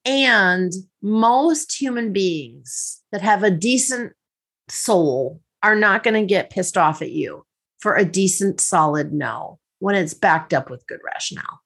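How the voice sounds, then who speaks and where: Husky woman podcast host and coach, brisk and teasing, gives orders. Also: mid-range voice. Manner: lively, teasing, directive.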